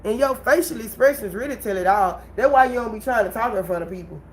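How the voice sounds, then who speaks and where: A woman hosting her own livestream, telling a personal story in an animated way and talking straight to her viewers. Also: a little high, quick pace, slight background noise, rough recording. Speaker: livestream host. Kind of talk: casual livestream venting.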